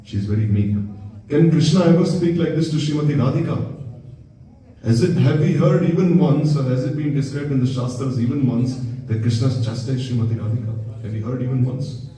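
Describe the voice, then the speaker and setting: Male spiritual teacher, sermon storyteller who checks in with listeners; deep mellow tone, far from the mic. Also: a little fast. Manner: storytelling with rhetorical questions to listeners. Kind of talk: devotional sermon. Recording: very echoey room, distant mic.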